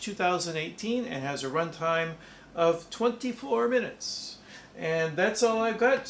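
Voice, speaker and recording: A man hosting a reaction video, thinking aloud and guessing as he watches, with a slow, deliberate intro. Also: high voice, a bit bright, a little hiss or hum. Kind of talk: casual reaction commentary.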